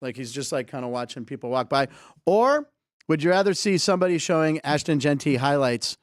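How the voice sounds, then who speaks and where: A man's voice: on the high side, animated, brisk, no room sound, studio quality. A man hosting a sports comedy show, riffing casually and laughing often as he talks through clips. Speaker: host.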